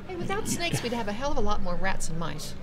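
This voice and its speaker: A woman's voice: mid-range voice, big pitch swings, quick pace. A woman on a casual podcast panel, speaking bluntly and matter-of-factly.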